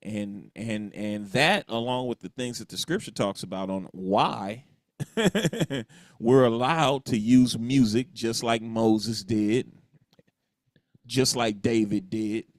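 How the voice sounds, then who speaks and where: A man's voice: medium pitch, takes it slowly, no echo, studio quality. Man preaching his point on a podcast. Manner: emphatic, repeats phrases for effect, mocking quotes. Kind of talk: podcast talk, preachy commentary.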